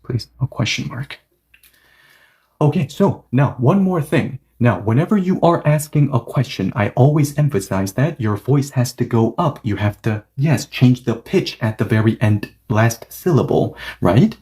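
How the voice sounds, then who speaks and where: A man's voice: medium pitch, lively intonation, unhurried, warm tone. A man teaching a grammar lesson in English, explaining rules patiently and often checking whether students follow. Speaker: Korean language teacher.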